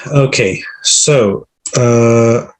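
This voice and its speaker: A man's voice: medium pitch, drawn-out words. A man teaching an online Arabic class on a video call, patiently going through vocabulary with translations.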